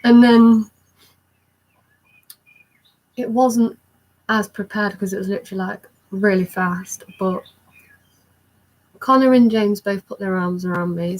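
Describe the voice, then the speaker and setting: Young woman, chatty vlogger, recounts a story with breathless excitement. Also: medium pitch, low-quality recording. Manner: excited, rambling recounting with many fillers. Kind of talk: storytime vlog.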